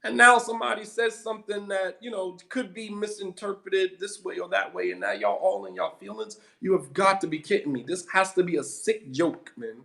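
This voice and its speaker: Fired-up preacher guy, high voice, keeps repeating himself to hit the point. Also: expressive, moderate pace, creaky, hardly any pauses, bright, forceful tone. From United States. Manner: heated, emphatic, repeats for emphasis. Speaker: Muslim preacher. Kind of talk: impassioned lecture.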